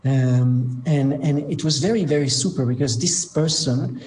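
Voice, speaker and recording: A man with a husky voice, tired from a sleepless night, chatting as a wine expert guest on a radio show, laughing often and pausing on fillers. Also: medium pitch, darkish tone, a little hiss or hum. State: tired from being up all night. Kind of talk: casual radio chat.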